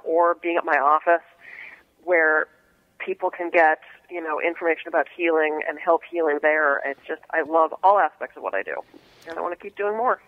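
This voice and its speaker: A woman's voice: lowish voice, no echo, narrow, tinny audio. A woman from Pittsburgh with a trained neutral American accent, a guest in a radio interview who talks with enthusiasm and laughs often. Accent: none, trained neutral American. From Pittsburgh, USA. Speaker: guest, alternative medicine practitioner.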